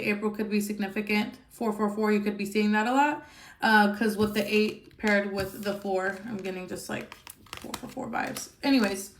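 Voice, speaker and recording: A woman doing a casual tarot reading, her voice sitting a little high. She talks bluntly and chattily, swearing freely and checking in with the listener as she goes. The sound is echoey, as if recorded in a bare room. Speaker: tarot reader.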